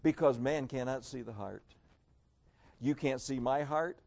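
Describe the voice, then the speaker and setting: A man preaching a sermon in an emphatic, sarcastic way, dropping to a hush and then rising again. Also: medium pitch, a little slow, vocal fry. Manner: emphatic, sarcastic, swings between loud and hushed.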